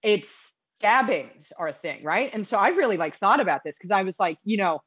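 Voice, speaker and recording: Profane animated American woman, dull sound. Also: mid-range voice, moderate pace, breathy edge, no echo. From United States. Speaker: podcast guest. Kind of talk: casual storytelling chat. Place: apartment in London.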